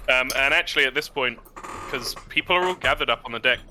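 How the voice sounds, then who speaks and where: A man narrating and running a tabletop role-playing game in a relaxed, chatty way. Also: medium pitch, fast, slight background noise. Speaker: game master.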